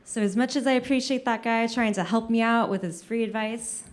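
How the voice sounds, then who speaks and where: A woman comedian telling a funny personal story on stage, with an animated, self-deprecating delivery. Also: on the high side, brisk.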